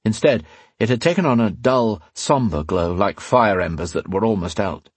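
A male narrator giving a measured, dramatic reading of a fantasy audiobook on a close mic. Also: fairly low pitch, animated, breathy edge, dry recording.

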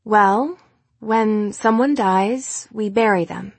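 A man voicing a gentle, protective young woman who reassures a child in a soft, even voice in an audiobook. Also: high-pitched, slow, creaky, no room sound, pitched above the performer's own voice, full character voice. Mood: soft reassurance. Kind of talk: audiobook character voice.

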